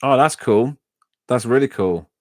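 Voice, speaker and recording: A man's voice: medium pitch, measured pace, dry recording, studio quality. A man hosting a live stream, telling rambling anecdotes in a casual, chatty way and often restarting his sentences. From England. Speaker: livestream host reading chat.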